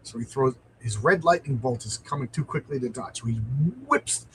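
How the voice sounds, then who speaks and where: A man's voice: medium pitch, animated, moderate pace, a bit bright, a little hiss or hum, low-quality recording. A man hosting a live stream, reading a comic aloud with enthusiasm and answering viewer comments.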